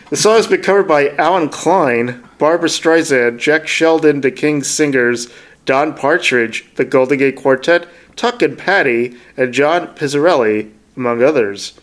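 A man's voice: mid-range voice, a little slow. A man co-hosting a podcast in casual chat, rambling through anecdotes and laughing often. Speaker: podcast co-host.

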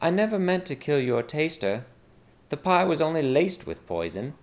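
A man doing a sly, calm young maid. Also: a little high, normal speed, pitched above the performer's own voice.

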